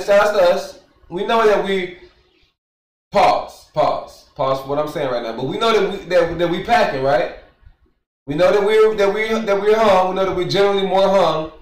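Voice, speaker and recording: A man reacts on stream in a fairly high voice, reading passages aloud and then ranting with emphatic, repeated points. He sits back from the mic, and the room around him sounds echoey. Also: distant mic. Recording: roomy, away from the mic.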